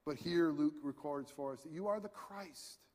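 Animated preacher in a reverberant hall. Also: male voice, on the high side, moderate pace. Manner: animated, conversational, swings from quiet to shouting. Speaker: pastor. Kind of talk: sermon.

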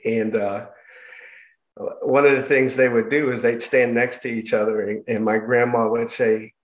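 Man telling his life story, halting. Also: medium pitch, flat delivery. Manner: halting, with many restarts and fillers. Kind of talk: personal testimony. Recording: roomy echo.

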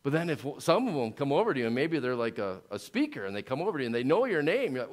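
A male pastor preaching a sermon, dropping to slow hushed lines and building to loud rising peaks. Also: medium pitch, very animated. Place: church.

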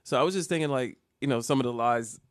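A man's voice: medium pitch, fast, no room sound. Laughing storyteller man, dry sound. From Jersey City, New Jersey. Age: adult with child. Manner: animated, laughs often, loud bursts. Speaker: podcast co-host. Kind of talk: casual comedic storytelling. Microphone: studio mic.

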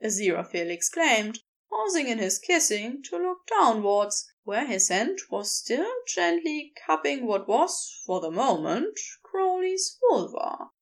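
A woman narrating a romance story in a slow, expressive reading. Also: a little high. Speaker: fan fiction reader. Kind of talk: scripted narration.

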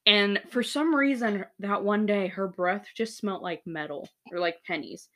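A woman's voice: medium pitch, moderate pace, a bit bright. A young woman co-hosting a podcast, telling stories animatedly in casual chat and swearing freely. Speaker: podcast co-host.

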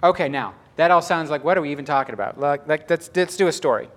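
Man, preacher, casual storytelling sermon, slightly high voice, lively, laughs a lot. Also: quick pace. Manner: animated, chatty, laughs often, lively acted quotes. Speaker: pastor.

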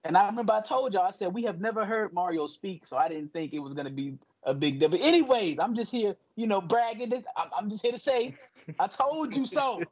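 A man co-hosting a gaming podcast in casual chat, animated and boastful as he teases his friends. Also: high voice, fast talker, few pauses. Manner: animated, boastful trash talk. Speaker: podcast co-host. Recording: dull lo-fi audio.

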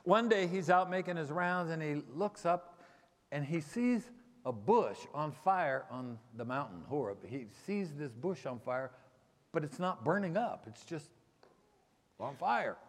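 A man preaching a sermon as a pastor, telling the story with lively acted-out voices and checking in with the congregation. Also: fairly high pitch, unhurried. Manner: animated storytelling, acts out quoted voices, checks in with "okay?". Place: church sanctuary. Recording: long hall reverb.

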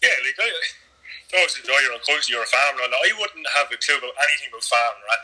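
Fast-talking bright rural Irish man. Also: medium pitch, lively intonation, slightly rough, rough recording. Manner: laughs often, teasing. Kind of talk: casual chat.

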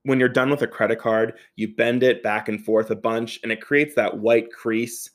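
Animated, profane male storyteller. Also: mid-range voice, normal speed. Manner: animated, profane, laughing often, acts out quotes. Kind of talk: comedic personal anecdote.

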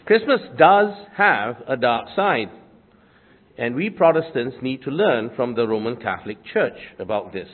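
A man's voice: medium pitch, animated, measured pace. A man preaching a sermon with dry, self-deprecating humor and chatty asides. He is getting over a cold and coughs now and then. The sound is thin and tinny, like a phone line. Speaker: pastor. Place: church.

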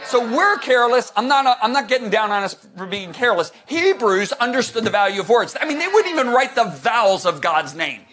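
A man preaching a sermon, animated and joking, shouting some words for emphasis and rambling with restarts. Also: very high voice, brisk, hardly any pauses, soft background music. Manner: rambling with restarts, jokey asides.

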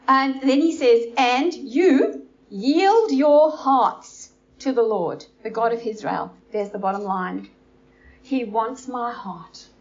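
A woman teaching the Bible informally to a small group indoors, animated and acting out the characters. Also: on the high side, lo-fi sound. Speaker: preacher.

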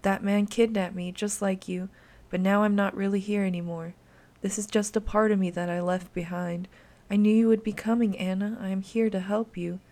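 A woman voicing the gentle ghost of a young girl, speaking softly and calmly to reassure. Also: medium pitch, normal speed, close to an everyday voice. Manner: soft, calm, reassuring.

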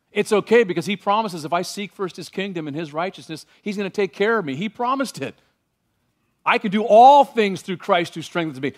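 A man preaching a sermon as pastor, animated and varied, slowing down when he reads scripture aloud. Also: high voice.

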